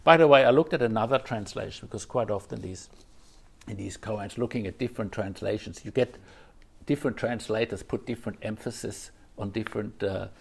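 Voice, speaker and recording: A Zen teacher gives a reflective dharma talk, circling back over his phrases and filling pauses with "you know." His voice sits on the low side and sounds gravelly and husky.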